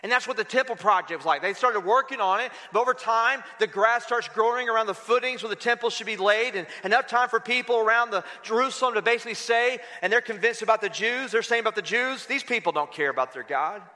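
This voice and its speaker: A man's voice: extremely high pitch, quick pace, hardly any pauses, pushed and bright, big-room sound. A man preaching a sermon, quoting scripture with dramatic emphasis and leading the congregation in reading aloud. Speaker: pastor.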